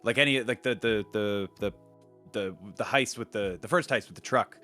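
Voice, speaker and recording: A man's voice: lowish voice, moderate pace, pushed and bright, soft background music. A young man co-hosting a casual film podcast, rambling with many fillers and restarts. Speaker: podcast co-host.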